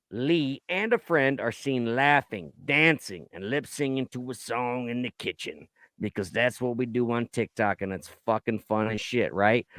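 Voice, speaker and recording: A man's voice: medium pitch, clear, resonant tone, no room sound. A man hosting a casual true-crime podcast, reading out a case and riffing on it with heavy swearing and jokes. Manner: swears a lot, joking and animated. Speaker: podcast host.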